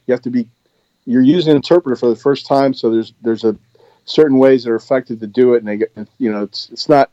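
A man's voice: medium pitch, quick pace, dry recording, lo-fi sound. A man in his sixties, a former Marine instructor, telling a story in a rambling, casual way with many restarts. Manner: rambling, many restarts, animated when retelling.

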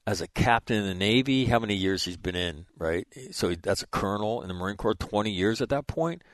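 A man's voice: on the low side, dry recording, studio quality. A man in his sixties, a former Marine officer, telling a war story in a rambling, profane way with frequent "right?" asides. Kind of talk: casual storytelling.

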